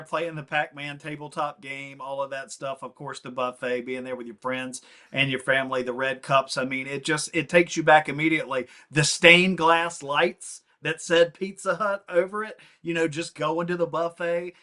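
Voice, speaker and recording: Bright-voiced middle-aged co-host. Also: male voice, on the high side, little pitch movement, moderate pace. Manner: nostalgic, easygoing, laughs along. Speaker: podcast co-host. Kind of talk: casual chat.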